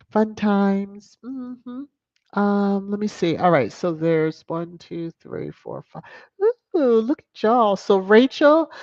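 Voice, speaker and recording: A woman hosting a casual commentary livestream, talking bluntly and chatty, gushing warmly when she thanks supporters. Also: medium pitch, dry recording, highs cut off. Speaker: host of a royal-news commentary livestream.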